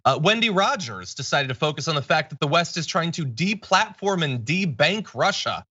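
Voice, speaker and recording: A man hosting a political news commentary show, reading out quotes with deadpan, mocking asides. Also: fairly high pitch, normal speed, dull audio.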